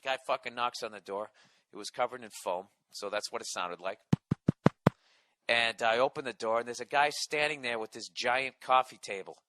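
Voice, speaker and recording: A man's voice: mid-range voice, normal speed, background noise. A man hosting a comedy podcast, telling a story in a profane, sarcastic, exasperated rant.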